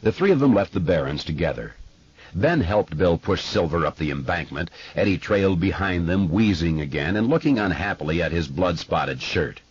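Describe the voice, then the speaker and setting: A man narrating an audiobook in a measured, expressive way, recorded in a studio. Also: deep voice, husky, lo-fi sound. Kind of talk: scripted narration.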